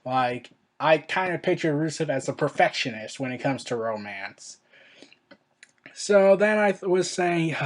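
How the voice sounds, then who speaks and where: Opinionated vlogger, exasperated, rambles and self-corrects, mid-pitched voice. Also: animated, takes it slowly. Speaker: wrestling commentary vlogger. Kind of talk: casual opinionated commentary.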